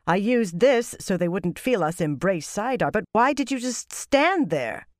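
A woman voicing an angry, haughty villainess in a fantasy audiobook, with a demanding, sharp manner. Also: fairly low pitch, sing-song, moderate pace, no room sound, clean studio sound.

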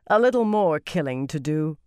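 A woman's voice: deep voice, animated, normal speed, dark tone, clean tone, no room sound, clean studio sound. A woman voicing a tall, icy, arrogant villainess in a fantasy audiobook, speaking scornfully. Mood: cold. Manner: scornful, cold.

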